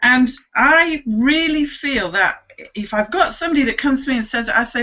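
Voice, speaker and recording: A woman, co-hosting a casual online chat, animated and laughing often as she acts out voices. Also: high voice, brisk, muffled recording. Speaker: co-host.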